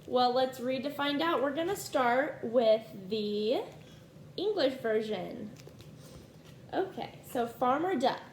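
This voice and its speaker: A woman teacher reading a picture book aloud to her class in a slow, clear storytime delivery. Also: sits high, expressive, roomy sound, slight background noise.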